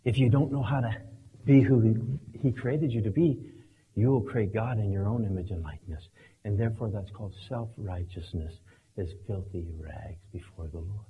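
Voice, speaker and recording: A man preaching a sermon, acting out his points dramatically, swinging from hushed tones to shouting. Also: lowish voice, normal speed, phone-quality sound. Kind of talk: sermon with acted illustration.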